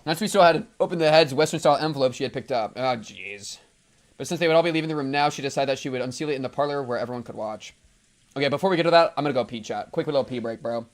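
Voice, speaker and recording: Excitable young man reading a visual novel. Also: medium pitch. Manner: excitable, slangy, breaks off narration to joke. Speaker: streamer.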